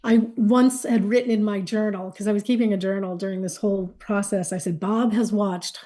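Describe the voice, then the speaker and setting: A woman recounts her own experiences in an interview. Her voice is warm and mellow. She speaks candidly and reflectively, growing animated when she quotes others. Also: mid-range voice, brisk. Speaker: guest, caregiver wife. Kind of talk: personal interview storytelling.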